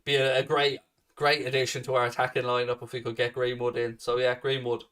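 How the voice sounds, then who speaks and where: Male host, mid pitch, blunt sweary chat answering questions, recorded a little off-mic. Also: completely flat delivery, fairly quick, a bit bright, distant mic. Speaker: fan channel host. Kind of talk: casual live Q&A chat.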